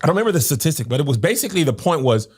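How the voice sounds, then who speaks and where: A woman's voice: low-pitched, sing-song, racing, a little mellow, husky. A woman podcast host in casual discussion, arguing her points with rhetorical questions. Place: podcast studio.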